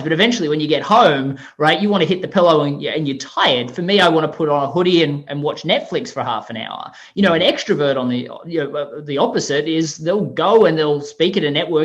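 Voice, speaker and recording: A man's voice: on the high side, fairly bright tone. Upbeat Australian man on a dull line. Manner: upbeat, articulate, explains with analogies. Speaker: podcast guest, author. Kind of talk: remote podcast interview.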